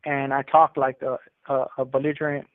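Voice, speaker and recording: A man's voice: medium pitch, little pitch movement, moderate pace, dry recording. Man telling his story over a tinny phone line. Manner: candid, streetwise, retelling youth memories. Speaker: incarcerated caller. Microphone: prison phone.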